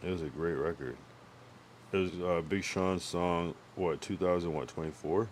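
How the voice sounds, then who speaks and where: A man's voice: deep voice, normal speed, a little hiss or hum. A young man streaming live, chatting casually and rambling with profanity while he thinks aloud. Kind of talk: casual livestream chat.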